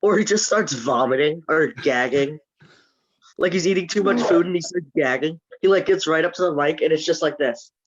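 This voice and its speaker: A man's voice: a little high, normal speed. A teenage boy with a stuffy nose, co-hosting a casual podcast and joking with a friend. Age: teens. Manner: joking, giggly, mock-whispered bits. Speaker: podcast co-host. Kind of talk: casual chat. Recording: dull lo-fi home recording.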